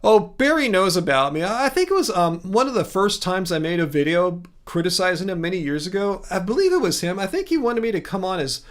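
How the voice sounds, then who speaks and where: Male livestream host, high voice, loose rambling chat with fillers and restarts. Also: sing-song, brisk, few pauses. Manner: rambling, chatty, frequent fillers and self-corrections. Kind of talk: casual livestream chat reading viewer comments.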